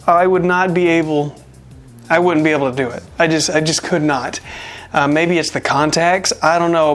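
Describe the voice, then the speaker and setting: A wrestling show reviewer giving a casual, rambling spoken recap, full of wry, self-deprecating jokes and asides. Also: medium pitch. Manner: rambling and chatty, with jokey asides.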